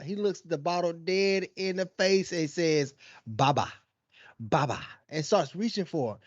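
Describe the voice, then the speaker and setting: A young adult man with a somewhat high voice co-hosts a casual chat, slangy and quick to laugh, mimicking a toddler's words as he tells stories. The recording is slightly dull and dry. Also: no echo. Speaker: podcast co-host.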